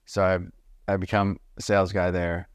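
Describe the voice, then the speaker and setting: Low-voiced man telling a profane story. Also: moderate pace, no echo, studio quality. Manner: energetic, profane, acts out the people in his stories. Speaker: podcast guest. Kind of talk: casual storytelling interview.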